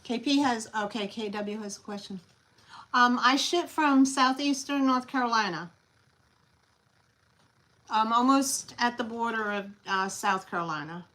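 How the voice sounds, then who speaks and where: A middle-aged woman hosting a collectibles sale on a live stream talks at a measured pace, her pitch fairly high and her tone fairly bright, with a Long Island New York accent. The chatter is loose and rambling, full of asides and viewer comments she reads out and replies to.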